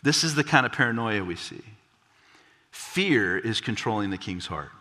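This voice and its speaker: A man preaches through a passage in a big sanctuary, his bright, forceful voice ringing with long reverb. He presses points hard and sinks low and quiet for the weighty lines. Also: expressive, moderate pace. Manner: emphatic, dropping low for solemn points. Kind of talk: expository sermon.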